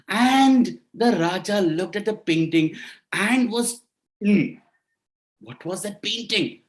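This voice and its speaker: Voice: medium pitch, takes it slowly. A speaker telling a folk tale over a video call, playful and repetitive, talking straight to the listeners. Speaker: storyteller. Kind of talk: storytelling to an online audience.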